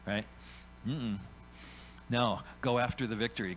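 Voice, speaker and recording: A man's voice: medium pitch, fairly bright tone, slight background noise, rough recording. A man preaching a sermon in a conversational way, often checking in with "right?" and briefly acting out the people in the story. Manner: conversational preaching, frequent "right?" tag questions; acts out biblical characters in quick voiced asides. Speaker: pastor.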